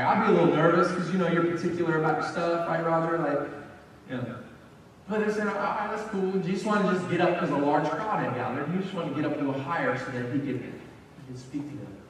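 High-voiced pastor preaching in an echoey hall. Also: male voice, a little hiss or hum. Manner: conversational, animated storytelling with asides to the congregation. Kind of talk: sermon. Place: church sanctuary. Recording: echoey hall, mic from far off.

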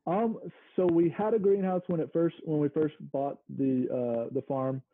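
A man from Mississippi talks about life in a relaxed, easygoing way, often pausing to search for his words. His voice sits a bit high, and it comes through thin and narrow like a phone line. The sound is dry with no room echo. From Mississippi, United States. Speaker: interview guest, small farm owner. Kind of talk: casual conversation.

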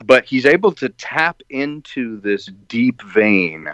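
Man, filmmaker guest, animated storyteller, acts out quotes, muffled call audio, dry sound. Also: medium pitch, takes it slowly, dry recording. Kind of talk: casual interview. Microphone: video call.

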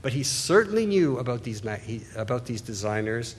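A man's voice: medium pitch, very animated, brisk, slight background noise. A man giving an art history lecture, talking loosely and pointing things out on slides, often restarting his phrases. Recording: hall reverb, husky voice.

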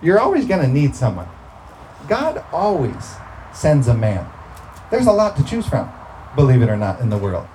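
A man's voice: medium pitch, wildly swooping pitch, moderate pace, warm tone, slight background noise, poor audio. A man preaching a sermon, talking through scripture in a conversational way and breaking into emphatic bursts.

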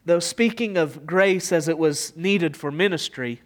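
A man preaching a sermon with passion, rising to loud emphatic peaks and falling to hushed, almost whispered lines. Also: a little high, measured pace. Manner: impassioned preaching, swelling loud and dropping to near whisper. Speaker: pastor.

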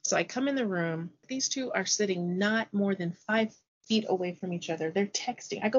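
A middle-aged woman teacher with a mid-range voice speaks fairly quickly in a casual interview. Telling her stories with animation, she acts out conversations from the classroom. The audio is dull.

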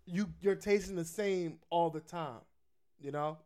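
A man's voice: fairly high pitch, measured pace, darkish tone. A man chatting casually about pizza spots, laid-back and profane, laughing often. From Philadelphia.

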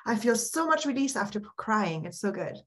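Reflective woman coach, halting speech. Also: mid-range voice, big pitch swings. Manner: reflective, halting, with many restarts and soft laughs. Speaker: mindset and happiness coach, guest. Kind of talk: casual podcast conversation.

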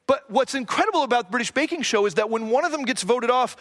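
High-voiced pastor preaching earnestly. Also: male voice, expressive, fast, a bit bright. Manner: earnest, repetitive preaching cadence with rhetorical questions; self-deprecating asides, jokes about his own accent. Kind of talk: sermon.

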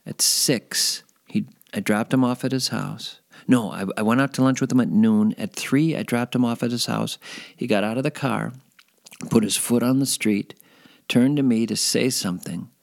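A former radio host telling stories in a casual interview, animated and rambling, sometimes self-deprecating. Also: male voice, medium pitch, moderate pace, gravelly.

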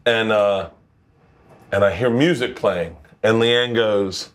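A man's voice: fairly low pitch, unhurried. A man hosting a cooking show, telling comic stories while he cooks, swearing and acting out what people said. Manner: animated, swearing, acts out dialogue.

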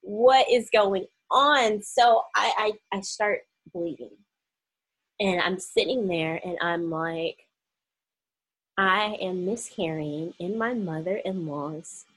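Husky young woman telling a story. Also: fairly low pitch, rough recording. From Oklahoma, US. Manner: animated storytelling, acting out quoted voices. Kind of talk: personal storytime vlog.

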